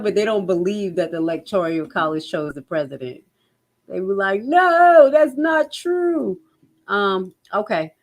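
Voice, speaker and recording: A woman from New Jersey with a Jersey accent, hosting a casual livestream, chatting and reading viewer comments, animated and loud when she exclaims. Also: on the low side. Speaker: livestream host.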